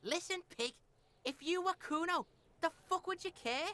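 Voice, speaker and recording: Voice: very high-pitched, normal speed, sharp tone. Someone voicing a sneering foul-mouthed kid. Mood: mocking scorn. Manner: rude, mocking, swears constantly. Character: foul-mouthed scornful young boy.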